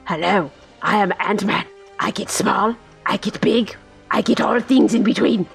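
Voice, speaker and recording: A gravelly, husky voice of a goofy little male superhero, as a woman puts him on, rambling along in a bewildered daze. The tone sits at a middling pitch with a rough, breathy edge. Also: steady tone, a little slow, faint music behind, full character voice. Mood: dazed.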